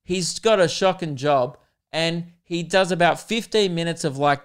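Young Aussie male podcast host, casual profane rant, clear and bright in tone, self-mocking. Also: a little high, unhurried. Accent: Australian.

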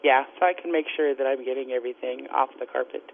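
A woman's voice: very deep voice, fairly even intonation, quick pace, gravelly, a little hiss or hum. A woman calling in to a radio show, giggly and teasing. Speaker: caller. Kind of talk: call-in chat. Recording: tinny phone line.

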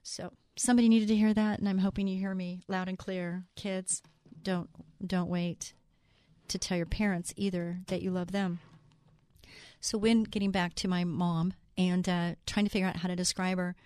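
A woman hosting a faith talk show, speaking in an earnest, personal way, quoting scripture and slowing down to stress key words. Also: lowish voice, level tone, warm tone, clear, resonant tone, no room sound. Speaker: show host.

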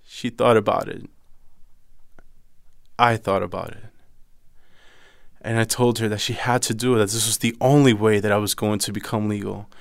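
Low gravelly young man, dry close mic. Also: steady tone, dry recording. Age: young adult. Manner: quiet, halting storytelling that rises to shouting in retold scenes. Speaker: storyteller. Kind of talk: personal story recorded for radio.

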